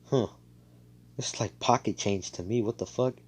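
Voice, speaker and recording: A man's voice: lowish voice, normal speed, breathy edge. A man voicing a haughty young royal woman with a prickly, snippy temper.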